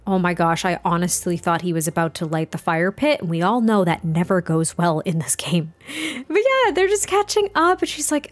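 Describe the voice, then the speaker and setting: A woman's voice: lowish voice, big pitch swings, normal speed. A young adult woman casually narrating a life-sim game in a chatty, exclaiming way. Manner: chatty, exclaiming, self-correcting. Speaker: let's play host. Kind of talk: casual gameplay commentary. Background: faint background music.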